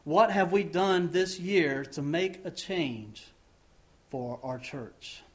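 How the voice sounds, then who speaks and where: A man preaching a sermon to his church and leading a closing prayer, asking the congregation questions and pushing words up before letting phrase ends fall soft and low. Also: slow. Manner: rising emphasis then dropping low at phrase ends; asks the congregation many questions. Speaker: pastor.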